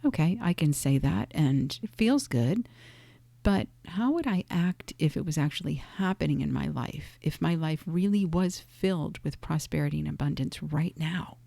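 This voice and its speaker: Woman coach, low gravelly voice, dry close sound, calm half-whispered teaching. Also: no room sound. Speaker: life coach. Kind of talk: soft-spoken teaching monologue.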